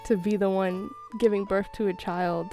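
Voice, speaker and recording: A young woman streamer telling a long story in a casual, animated way, full of fillers and quick laughs. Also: mid-range voice, faint music behind. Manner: animated, chatty, many fillers, laughs often. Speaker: gaming streamer.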